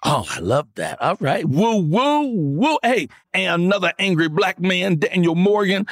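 A man hosting a casual comedy talk show, his voice gravelly and swinging widely in pitch as he riffs and tells crude jokes. The sound is dry and close, with no room around it. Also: sing-song, unhurried, no room sound. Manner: loose, profane, joke-telling banter. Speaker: podcast host and comedian.

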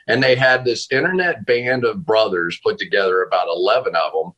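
A man on a video call from home talks casually as a football analyst. His voice is bright and forceful, set a little low. He stays animated, laughs often and restarts his sentences. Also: a little fast, few pauses, lo-fi sound. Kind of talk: casual storytelling interview.

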